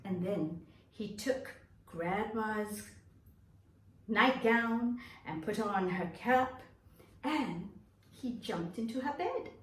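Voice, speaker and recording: A woman teacher telling a story to young children, slow, expressive and animated. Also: medium pitch, reverberant, far from the mic.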